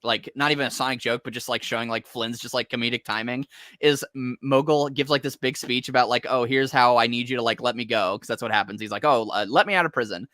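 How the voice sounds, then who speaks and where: Male podcast co-host, mid pitch, bright, excitable fan energy. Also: quick pace, no echo, clean studio sound. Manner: enthusiastic, laughing, swears casually. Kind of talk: casual comic recap chat.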